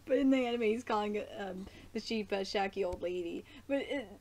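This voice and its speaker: A woman streamer giving a casual live reaction to an anime episode, gushing and excitable, laughing often and chatting with lots of fillers. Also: mid-range voice, a little fast.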